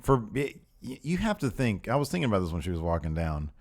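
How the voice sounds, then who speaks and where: A man co-hosting a wrestling review podcast in casual chat, animated and laughing often, acting out what the wrestlers said. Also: fairly low pitch, fast. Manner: animated, acts out quoted lines. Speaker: podcast co-host.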